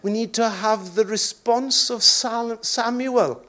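A man's voice: very high voice, slow pace. A man preaching a sermon as pastor, joking and acting out voices along the way. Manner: jokey, animated, acts out voices.

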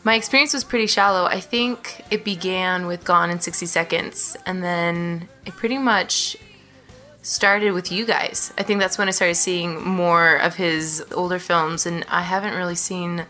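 A woman guesting on a casual podcast, answering in a quick, offhand way. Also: on the low side, fairly even intonation, sharp tone, soft background music.

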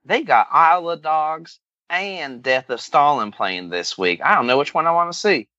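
A man's voice: on the high side, animated, moderate pace, pushed and bright, no room sound. Joking man in a folksy drawl. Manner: jokey folksy rural drawl put on as a bit. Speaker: podcast host. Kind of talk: comedic podcast banter. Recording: dull lo-fi podcast audio.

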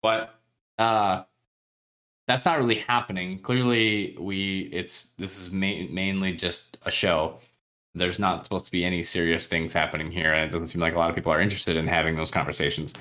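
A man's voice: low-pitched, flat delivery, moderate pace, pushed and bright. A man co-hosting a podcast, recapping a book chapter in a casual, chatty way, often laughing and acting out characters' lines. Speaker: podcast co-host.

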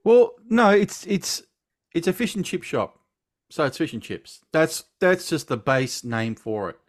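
A man with an Australian accent, a guest on a casual podcast, animated and laughing through his stories while swearing freely. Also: on the high side, a little slow, no echo, clean studio sound.

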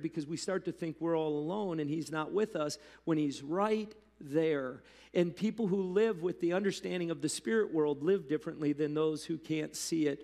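A man preaching a sermon as pastor, talking to the congregation in a loose, animated way with asides. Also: fairly high pitch, creaky. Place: church hall. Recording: long hall reverb.

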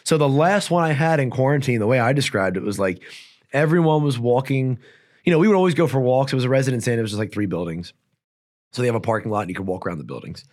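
Guy talking fast on a podcast, rambly, lots of likes and ums. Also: medium pitch, animated, darkish tone. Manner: fast, rambling storytelling with many fillers. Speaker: guest fighter. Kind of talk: casual interview chat. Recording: audio-only podcast.

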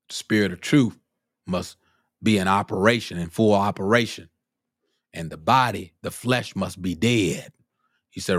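A man's voice: on the low side, no room sound, studio quality. A man preaching a sermon, quoting scripture in old wording and punctuating his points with "hmm?" and "huh?", his voice climbing into cries of glory.

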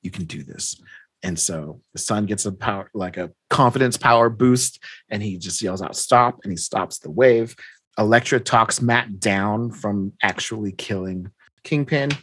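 Man, casual chat, animated storyteller, lowish voice, dry close sound. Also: normal speed, breathy edge, dry recording. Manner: animated retelling, acting out characters' lines, laughs often. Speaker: comic book recapper.

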